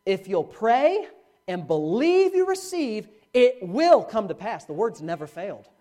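Animated preaching pastor man. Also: unhurried. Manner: animated preaching with dramatic swings in pitch and volume. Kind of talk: sermon. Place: church, live-streamed.

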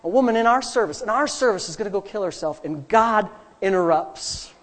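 A man preaching a sermon, telling stories quietly and then building to loud, fervent preaching. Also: high voice, animated, brisk. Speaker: pastor.

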